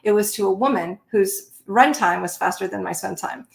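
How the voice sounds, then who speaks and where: A woman's voice: mid-range voice, normal speed, gravelly. Middle-aged woman telling stories in a roomy space. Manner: animated, laughs between stories. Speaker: Navy veteran guest. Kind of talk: conversational interview storytelling. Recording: roomy echo.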